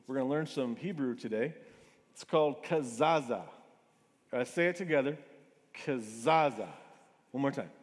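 A man preaching a sermon in a relaxed, conversational way, often restarting his phrases. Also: mid-range voice, fairly quick, long pauses. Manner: conversational, with frequent restarts and asides. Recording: reverberant hall.

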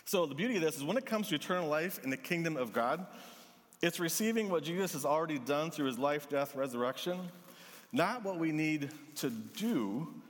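A man preaching a sermon as pastor, earnest and gentle, pausing often. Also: on the high side, expressive, big-room sound.

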